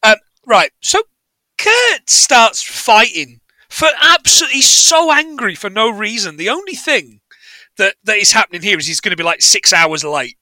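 Podcast co-host, male, high bright voice, dry close sound, sardonic and sweary. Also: big pitch swings, moderate pace, no room sound. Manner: sardonic, sweary, laughs at his own jokes. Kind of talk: casual film recap chat.

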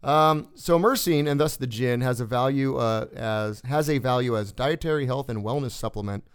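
A man hosting a casual podcast, reading news stories in a relaxed, joking way with fillers. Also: medium pitch, moderate pace, clean tone. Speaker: podcast host.

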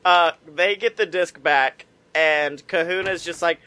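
A man's voice: fairly high pitch, measured pace, sharp tone, clean tone. A man co-hosting a podcast, chatting casually about a movie, laughing often and acting out lines in silly voices. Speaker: podcast co-host. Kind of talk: casual movie review chat.

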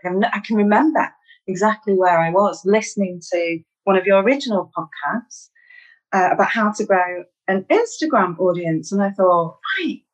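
A woman's voice: mid-range voice, expressive, normal speed, poor audio. A woman from Manchester with a Mancunian accent, a podcast guest speaking candidly and self-deprecatingly, with fillers. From Manchester, England. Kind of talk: podcast interview.

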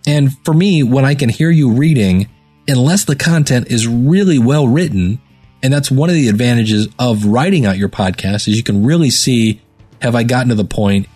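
A man's voice: medium pitch, expressive, a little mellow, husky, faint music behind. Conversational man reviewing a podcast. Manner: conversational, with filler words and deliberate word stress. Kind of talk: casual spoken critique.

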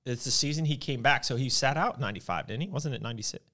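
A young man co-hosting a podcast in casual chat, animated and rambling, laughing often. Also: mid-range voice, quick pace. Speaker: podcast co-host.

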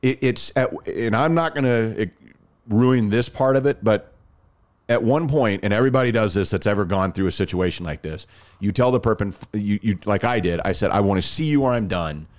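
A man telling a long story in casual chat, animated and full of restarts. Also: fairly low pitch, normal speed.

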